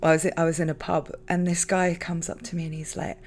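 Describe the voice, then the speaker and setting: A woman's voice: lowish voice, flat delivery, fairly quick, darkish tone. Woman, London accent, stream host, casual chat, laughs often, plenty of fillers. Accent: London English. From London, England.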